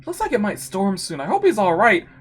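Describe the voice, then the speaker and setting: A woman voicing a young, hot-tempered but affectionate tiger-woman in a comic read-aloud, with a high, breathy voice. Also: brisk. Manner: excitable, bright.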